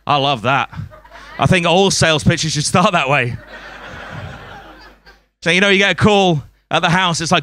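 A man's voice: fairly high pitch, normal speed, long pauses, sharp tone, slight background noise. A man doing a stand-up comedy set on a club stage, swearing a lot and chuckling at his own jokes.

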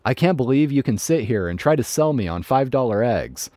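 A man's voice: medium pitch, animated, brisk, dry recording, clean studio sound, faint music behind, close to an everyday voice. A man voicing a stingy, suspicious male shopper who accuses and rants. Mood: ranting. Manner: yelling, accusing.

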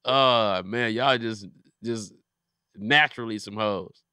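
A man's voice: on the low side, slow pace, bright, forceful tone, smooth, dry recording, clean studio sound. A man hosting a comedy podcast, riffing in casual profane chat and acting out little scenes.

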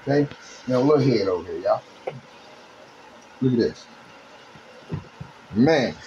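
A man's voice: mid-range voice, expressive, takes it slowly, lo-fi sound, background noise. A man doing a casual cooking demonstration, talking chattily to his viewers as he works. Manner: chatty, addresses viewers as you guys. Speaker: home cook.

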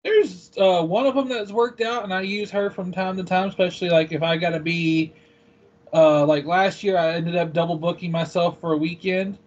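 A man being interviewed about his convention business, with a slightly high voice. He speaks in a relaxed, matter-of-fact way, and the sound is dull and lo-fi. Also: normal speed. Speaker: interview guest, convention vendor. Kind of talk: casual interview chat.

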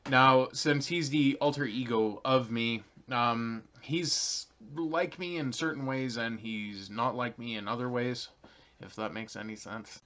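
A man's voice: mid-range voice, a little slow, a bit bright. A young Canadian man casually explaining something to his viewers, rambling with lots of ums and uhs. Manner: rambling, many ums and uhs, light chuckles. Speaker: channel creator. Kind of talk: casual talking-to-camera explanation. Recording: slightly dull lo-fi recording.

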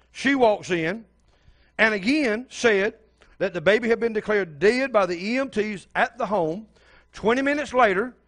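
A man's voice: sits high, fairly bright tone. An older man preaching a sermon as pastor, telling a story and speaking straight to the congregation.

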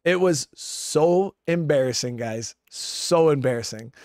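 Ex-marine guy rambling thru a story, swears a lot, kinda high voice, dry sound. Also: animated, a little slow, darkish tone, no echo. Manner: profane, rambling, keeps addressing listeners as guys. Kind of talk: casual spoken storytelling.

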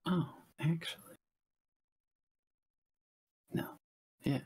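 A man playing a board game, thinking out loud and second-guessing his moves with self-deprecating humor. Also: fairly high pitch, slow pace, long pauses, slightly rough. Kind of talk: casual chat during a game.

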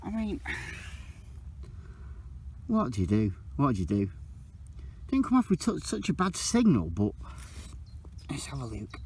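A man talking casually to camera while metal detecting outdoors in a field, excitable and chatty. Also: unhurried, long pauses, slight background noise. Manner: chatty, excitable, pitch jumps when surprised. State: out of breath.

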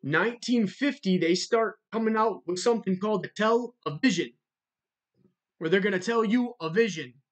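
A speaker giving a religious monologue in a measured way, spelling out words letter by letter and repeating them for emphasis. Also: medium pitch. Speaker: religious video narrator.

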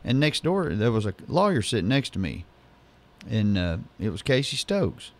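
A man's voice: lowish voice, big pitch swings, normal speed. A man co-hosting a radio show, telling a long joke story in casual banter.

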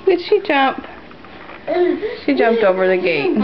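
A woman's voice: on the high side, sing-song, slow pace, long pauses. A woman filming her twin babies at home, playing with them in sing-song baby talk that swoops up into squeals. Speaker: parent filming her twins. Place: home indoors. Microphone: handheld camera. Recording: muffled home camcorder audio with hiss.

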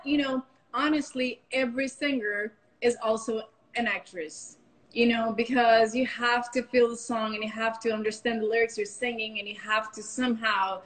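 A woman's voice: a little high, fairly bright tone, rough recording. A Brazilian woman, a singer whose first language is Portuguese, talking frankly and casually as a guest on a phone video call and filling her talk with "like" and "you know". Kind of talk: casual chat on an Instagram live video call. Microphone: phone on a live video call.

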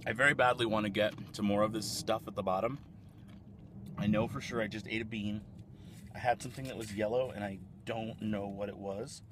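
A man vlogging casually at a fast food restaurant, rambling and talking with his mouth full as he tastes a dessert. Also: lowish voice, steady tone, background noise. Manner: chatty, rambling, eating while talking. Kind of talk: casual food-tasting vlog.

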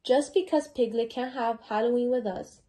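A woman's voice: fairly high pitch, normal speed, mellow, lightly acted. A teenage girl reading the lines of a mild, thoughtful male bear in a children's storybook. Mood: gentle.

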